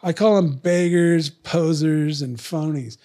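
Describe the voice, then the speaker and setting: A middle-aged male guest speaks slowly in a slightly high, mellow voice. Telling stories in casual conversation, he is blunt and profane, acting out both sides of old arguments.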